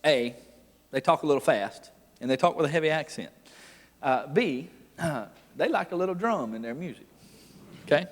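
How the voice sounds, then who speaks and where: Folksy preacher in a reverberant church. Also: male voice, fairly high pitch, lively intonation, moderate pace, pauses often. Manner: folksy storytelling, laughs often, builds to loud preaching. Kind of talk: revival sermon. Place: church sanctuary. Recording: long church hall reverb.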